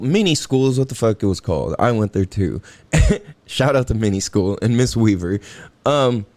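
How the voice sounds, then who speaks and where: A man's voice: medium pitch, darkish tone, no echo. A young man hosting a podcast, talking in a rambling, profane way and laughing at his own tangents. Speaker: podcast host. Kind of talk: casual solo podcast monologue.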